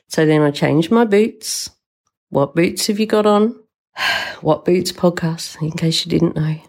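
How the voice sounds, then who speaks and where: A woman's voice: fairly low pitch, slow, long pauses, darkish tone. An older woman hosting a podcast, telling a story in an emotional, rambling way and swearing freely. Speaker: podcast host. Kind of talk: casual storytelling monologue.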